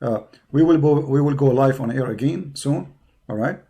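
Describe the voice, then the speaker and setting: A man with a hoarse voice hosting a live online show, delivering a heated, taunting monologue full of repeated insults and challenges. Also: medium pitch, moderate pace, mellow. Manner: taunting, confrontational, repetitive insults. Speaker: online debate show host. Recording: live stream over a poor connection.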